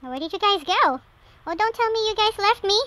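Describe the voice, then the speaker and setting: A woman giving excited let's-play commentary on a game, with frequent gasps and shrieks. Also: extremely high pitch, fairly quick. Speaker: gameplay commentator.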